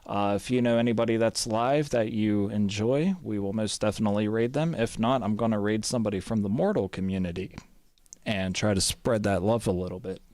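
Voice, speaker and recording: A man's voice: lowish voice, brisk, dry recording. Dry, profane man streaming a game. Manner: grumbling, profane, swings between loud gripes and mutters. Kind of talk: live gameplay chat.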